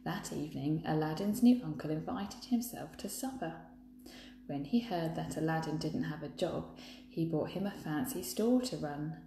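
A woman's voice: deep voice, normal speed, gravelly, warm tone, slight background noise. A woman reading a children's book aloud, breaking off for chatty asides to viewers. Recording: echoey room, faint ambience.

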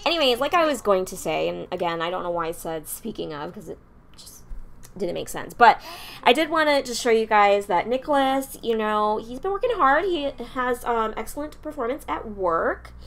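A woman's voice: on the high side, sing-song, moderate pace, vocal fry. Young woman chatting thru a sim game, bouncy voice, keeps getting fed up w her characters. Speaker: gameplay streamer. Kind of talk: casual gameplay commentary.

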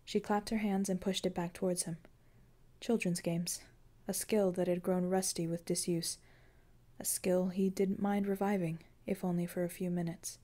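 A woman reading scripted fiction as an audiobook narrator, with calm, even storytelling. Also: lowish voice, moderate pace.

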